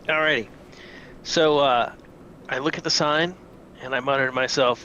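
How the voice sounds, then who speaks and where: A man's voice: medium pitch, fairly even intonation, moderate pace, pauses often, sharp tone, muffled recording, slight background noise. A man playing a tabletop game, describing his moves casually and a little hesitantly. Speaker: player.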